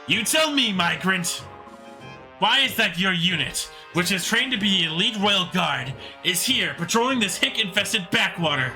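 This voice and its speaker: Cruel woman general in a game reading , voiced by a man: bright, sneering, scornful. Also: high voice, lively intonation, measured pace, faint music behind, heavily acted. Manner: sneering, mocking, contemptuous.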